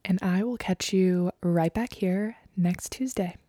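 A woman in her thirties hosting her own podcast, speaking earnestly and emotionally, often soft and breathy. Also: lowish voice, measured pace, noisy background. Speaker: podcast host. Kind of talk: personal podcast monologue.

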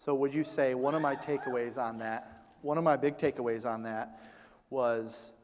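Man, interview host, energetic questions, restarts phrases, hall reverb. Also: mid-range voice, moderate pace, a little hiss or hum. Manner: energetic, rephrases his questions.

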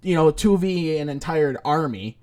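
A man's voice: a little high, expressive, normal speed, darkish tone. A man co-hosting a podcast, telling rambling casual stories and swearing freely. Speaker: podcast co-host. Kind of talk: casual chat.

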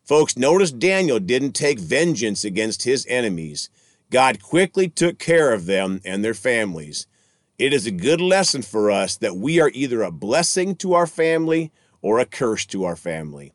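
Lively-voiced man preaching scripture. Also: mid-range voice, moderate pace, no echo, clean studio sound. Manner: reads verses, then addresses listeners as friends and folks. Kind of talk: Bible reading and commentary.

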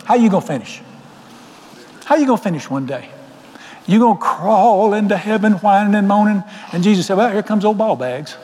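A man's voice: high voice, lively intonation, fairly quick, a little mellow. A man preaching a fiery sermon in a folksy, joking manner, often hollering. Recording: long hall reverb.

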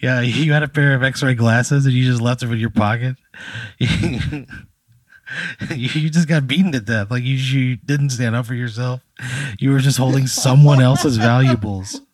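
A man's voice: mid-range voice, moderate pace, no echo. A man casually spinning an improvised scenario, rambling with lots of fillers and laughing at his own jokes. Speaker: host running an improvised scenario.

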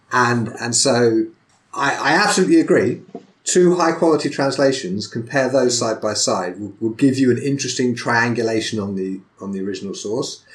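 A man hosting a conversational interview podcast, talking in a blunt, animated way. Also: on the low side. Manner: animated, blunt, lively storyteller. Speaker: podcast host.

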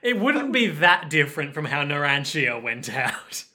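A man co-hosting a podcast, casually recapping a story and joking, slipping into quick quoted voices. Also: on the high side, big pitch swings, pushed and bright. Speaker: podcast co-host. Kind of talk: casual comedic recap chat.

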